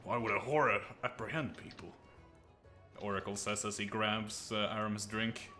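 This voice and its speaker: A man's voice: lowish voice, steady tone, moderate pace, pushed and bright, faint music behind. A man player casually describing his character's actions in a tabletop game. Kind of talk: tabletop role-play narration.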